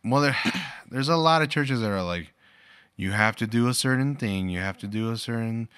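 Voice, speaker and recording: A man co-hosting a casual podcast, talking earnestly and trailing off softly. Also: mid-range voice, lively intonation, normal speed, clean tone, no room sound. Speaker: podcast co-host. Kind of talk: casual chat.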